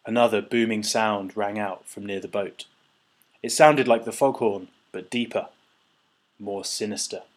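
A man's voice: fairly low pitch, steady tone, measured pace. A man narrating a children's storybook chapter aloud, doing the characters' voices. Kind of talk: audiobook narration.

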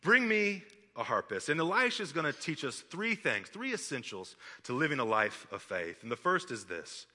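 Bright-voiced animated preacher in a hall. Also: male voice, medium pitch, moderate pace, hardly any pauses. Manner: animated, conversational preaching with playful asides. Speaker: pastor. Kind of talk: sermon. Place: church auditorium. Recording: long reverb of a large hall.

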